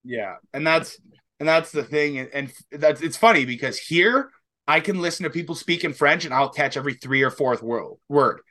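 A young Canadian co-host rambles in casual podcast chat, sometimes laughing, sometimes swearing. His slightly high voice is bright and forceful, with lively intonation at a moderate pace.

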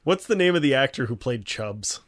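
Male podcast co-host, casual rambler, middle pitch, reads blurbs aloud. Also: lively intonation, a little fast. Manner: rambling, full of "like" fillers, reads out panel blurbs. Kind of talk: casual chat.

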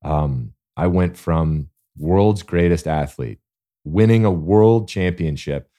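A man's voice: deep voice, slow pace, warm tone. A man, a former Olympic athlete, talking as a guest in a casual interview, telling his story earnestly.

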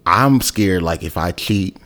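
Deep-voiced young man, animated slang storytelling. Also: measured pace. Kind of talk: casual chat.

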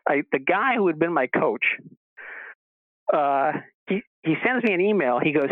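A man calls in as a guest on a radio show, his voice a little high and animated at a moderate pace, with a dry phone-line sound. He tells a long, rambling story, stammering through restarts and acting out the people he quotes.

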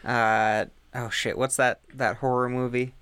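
A man's voice: medium pitch, flat delivery, a little slow, fairly bright tone, clear, resonant tone, dry recording. A man co-hosting a podcast, chatting casually and riffing jokes on the story. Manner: joking, riffing commentary. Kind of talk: casual chat.

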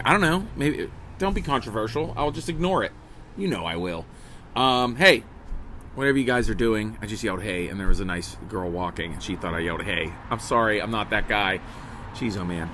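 A man's voice: lowish voice, expressive, a little fast, pushed and bright, a little hiss or hum. A middle-aged man, a comedian hosting a daily livestream, chatting casually and jokily to viewers, rambling with restarts and asides, recorded on a phone outdoors. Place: outdoors at a table beside a house. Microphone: phone on camera.

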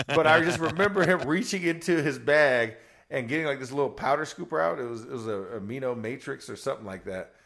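A middle-aged man, a former football player, telling a story on a podcast in a lively way, acting out quotes and laughing. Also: a little high, a little fast, creaky. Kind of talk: animated storytelling.

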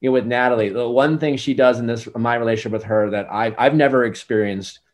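A man, around his forties, talks through relationship advice on a podcast. His delivery is loose and rambling, full of "like" and "you know", but earnest, at a medium pitch. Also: fairly even intonation, fast talker. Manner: rambling, filler-heavy, earnest. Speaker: dating advice guest. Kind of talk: casual podcast advice chat.

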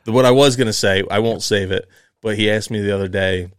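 A man co-hosting a podcast, chatting casually and telling stories with plenty of pauses and fillers. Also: on the low side, clean tone, no room sound, studio quality. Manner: relaxed, halting storyteller with many fillers. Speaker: podcast co-host. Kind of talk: casual chat.

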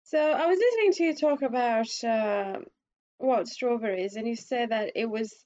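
A woman with a squeaky voice giving her take on a film in casual chat, hesitant, with many restarts, her pitch climbing when she stresses a point. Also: lively intonation, normal speed, darkish tone, dull audio. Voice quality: self-described squeaky voice.

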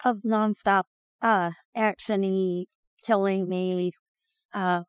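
Low-key woman chatting in a car. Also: steady tone, slow, clean tone, dry recording. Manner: short, low-key agreeing replies. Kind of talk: casual chat.

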